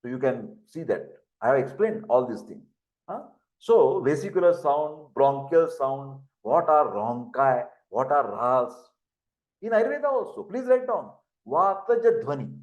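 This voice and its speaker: A man's voice: mid-range voice, sing-song, a little slow, darkish tone, highs cut off. An older man with an Indian English accent, giving a lecture, who repeats terms and spells words out for dictation. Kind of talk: classroom lecture. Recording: echoey room.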